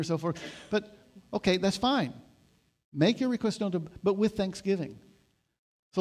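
A man preaching a sermon, moving between loud emphatic exhortation and calm explanatory teaching. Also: high-pitched, moderate pace, long pauses. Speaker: pastor.

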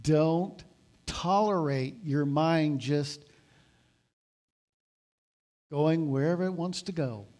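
A man preaching a sermon, moving between loud emphatic exhortation and calm explanatory teaching. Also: fairly high pitch, slow, pauses often. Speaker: pastor.

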